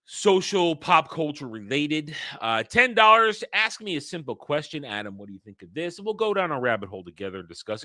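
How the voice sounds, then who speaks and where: Casual livestream talk from a host with a medium-pitched voice, bright and forceful in tone. He rambles, swears a lot, speaks bluntly, and keeps restarting his sentences, all captured in studio quality without room sound.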